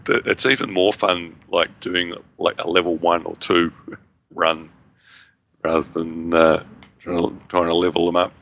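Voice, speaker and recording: A man co-hosting a gaming podcast, his voice low and gravelly with a bright, cutting tone. He reads a listener's email aloud in an easygoing way, slipping in joking asides. The delivery is relaxed and unscripted. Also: unhurried. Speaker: podcast co-host.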